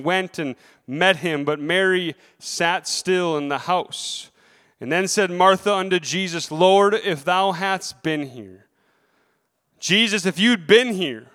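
A man's voice: sits high, a bit bright, clean tone, big-room sound. A man preaching a sermon, reading scripture aloud and then speaking earnestly, repeating key lines.

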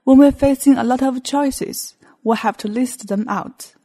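A woman's voice: high voice, warm tone. A young adult woman hosting a podcast lesson, patiently explaining Mandarin phrases one by one in English. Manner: slow, patient explaining, switching between English and Mandarin examples. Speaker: Mandarin teacher.

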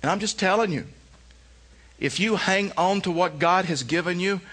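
A man's voice: sits high, moderate pace, fairly bright tone, slightly rough. A male pastor giving a sermon, telling stories conversationally and then pressing his points with emphasis. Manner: conversational storytelling that rises to emphatic preaching.

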